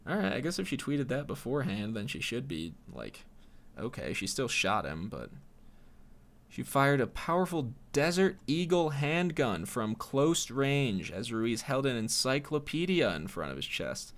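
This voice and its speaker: A man's voice: medium pitch, big pitch swings, a little slow, a bit bright. A man hosting a solo podcast, rambling in a profane, sardonic way. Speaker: podcast host.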